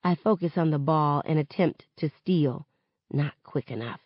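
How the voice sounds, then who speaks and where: A woman reading a novel aloud in first person, with expressive narration. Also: low voice, moderate pace, no echo. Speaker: reader. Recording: dull, close, dry audio.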